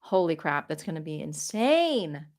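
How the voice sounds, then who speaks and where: A woman's voice: low voice, big pitch swings, unhurried. A young woman hosting a casual live Q&A from her phone, gushing with thanks and rambling as she answers questions. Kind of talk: casual livestream chat. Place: home, living in South Korea.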